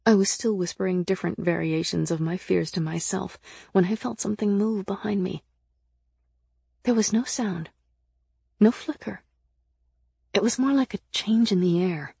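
A woman narrating a first-person audiobook in an earnest, lively storytelling manner. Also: mid-range voice, moderate pace, vocal fry, pauses often, husky, dry recording, clean studio sound.

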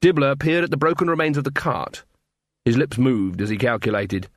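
A man's voice: medium pitch, fairly even intonation, normal speed, no echo, studio quality. A man reading a storybook aloud as narrator. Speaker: audiobook reader. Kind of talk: scripted narration.

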